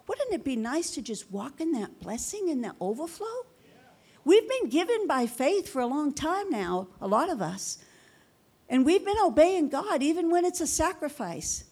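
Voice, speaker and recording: A woman pastor delivers a fervent sermon in a high voice. She hammers her points with repeated phrases and rhetorical questions, and keeps asking the room for an amen. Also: big pitch swings, normal speed, darkish tone.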